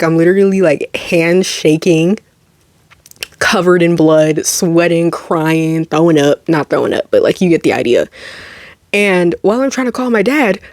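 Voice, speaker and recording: A young adult woman vlogging, telling a personal story in a dramatic, animated way with quick asides and laughs. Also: fairly low pitch, no room sound, studio quality. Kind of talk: casual storytelling to camera.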